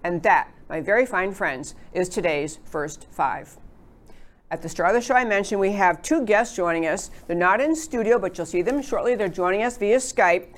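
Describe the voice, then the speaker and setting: A woman's voice: mid-range voice, normal speed. A woman hosting a political talk show, chatting with rambling asides as she introduces her guests. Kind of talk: conservative talk show monologue.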